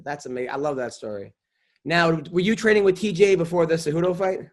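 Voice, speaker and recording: A man's voice: a little high, quick pace. A man hosting an interview podcast who reacts in short bursts and asks direct questions. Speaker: podcast host. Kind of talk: interview chat.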